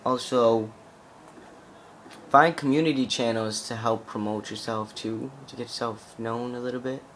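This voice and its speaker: A man's voice: mid-range voice, steady tone, normal speed, fairly bright tone, slight background noise. A young man giving casual, rambling gameplay commentary full of "like" fillers and swearing as he plays. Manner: rambling, profane, heavy on "like" fillers.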